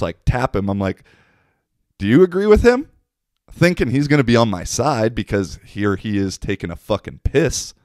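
A man's voice: on the low side, a little mellow, no echo, clean studio sound. An American man hosting a podcast, telling stories in a laid-back, profane, casual monologue. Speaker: podcast host.

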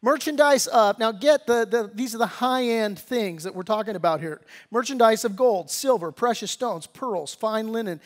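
A man's voice: moderate pace, few pauses. A man preaching a sermon as pastor, reading scripture and breaking into casual, slangy asides, rising and pressing when he exhorts. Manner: conversational preaching, grows louder and higher when exhorting.

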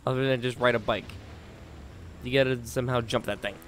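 A gaming channel host talks through his gameplay live in a steady, slightly bright tone and at a fairly quick pace. He speaks to himself and the game, shifting between low mutters and exasperated outbursts, and the recording carries a little hiss or hum.

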